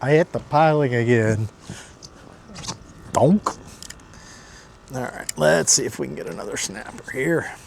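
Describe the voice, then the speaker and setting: Excitable man fishing from a kayak. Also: mid-range voice, a little slow, vocal fry, long pauses, a little hiss or hum. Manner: excitable, talks to viewers while fishing. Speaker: fishing vlogger host. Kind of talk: casual running commentary. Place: outdoors on a kayak on saltwater.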